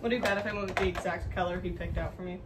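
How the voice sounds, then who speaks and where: A woman's voice: fairly low pitch, steady tone, very fast, very noisy. A woman speaking in casual, chatty asides while helping with a children's lesson.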